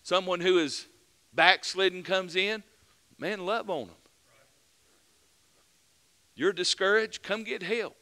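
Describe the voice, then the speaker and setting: A man preaching a fervent mid-week sermon as pastor, building to loud emphatic peaks and dropping back to earnest plain talk. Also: high voice, slow, long pauses. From United States.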